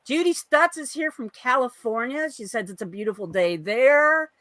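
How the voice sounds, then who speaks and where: A woman co-hosts a livestream from a video call, chatting freely and running through viewer greetings with plenty of asides. Her voice is bright and sits a little high. The sound is dry, with no room around it. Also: animated, normal speed, dry recording. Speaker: co-host of a genealogy livestream. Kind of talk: casual chat.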